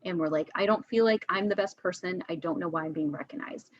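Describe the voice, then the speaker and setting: A woman's voice: fairly low pitch, quick pace, dry recording, highs cut off. A woman teacher as a podcast guest, speaking candidly and chattily, with frequent restarts. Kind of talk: conversational podcast interview.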